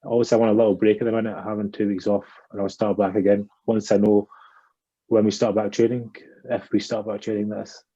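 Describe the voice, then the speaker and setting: A man's voice: fairly low pitch, level tone, fast, warm tone, breathy edge, dull audio. A man answering interview questions plainly and a little hesitantly. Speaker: cricketer, guest.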